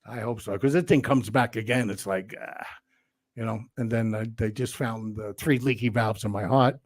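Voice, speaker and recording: A man's voice: fairly low pitch, moderate pace. Older New man telling stories. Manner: animated, profane storyteller who acts out quotes. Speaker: guest. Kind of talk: casual storytelling interview.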